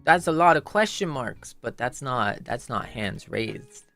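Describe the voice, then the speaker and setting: A man's voice: mid-range voice, lively intonation, a little slow, creaky, pushed and bright, soft background music. A man chatting casually on his livestream in a playful, rambling way, full of "like" and repeated phrases.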